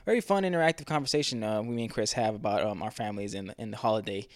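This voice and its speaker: Fast-talking male podcast co-host. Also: on the low side, dry recording, clean studio sound. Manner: rambling, heavy on fillers like "you know" and "right". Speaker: podcast co-host and fitness trainer. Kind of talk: casual podcast chat.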